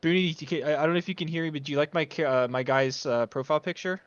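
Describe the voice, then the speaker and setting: A man player chatting at a tabletop game, rambling and swearing. He talks fast in a somewhat high voice. His audio is dull and lo-fi. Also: no echo. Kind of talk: casual chat.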